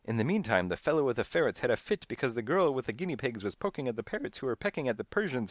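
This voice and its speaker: A man narrating a children's mystery audiobook in first person, with expressive, playful storytelling. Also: mid-range voice, fast, no echo, clean studio sound.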